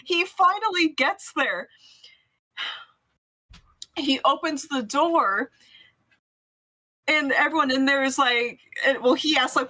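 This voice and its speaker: A woman's voice: high voice, lively intonation, slow, long pauses, pushed and bright, low-quality recording. A woman casually telling a spooky story to friends, laughing often and swearing freely.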